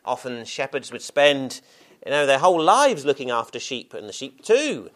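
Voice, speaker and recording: A man delivers a sermon at a mid-range pitch. He speaks at an unhurried pace, circling back with restarts and repeated words as he unpacks scripture and reads verses aloud. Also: big pitch swings, fairly bright tone. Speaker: preacher.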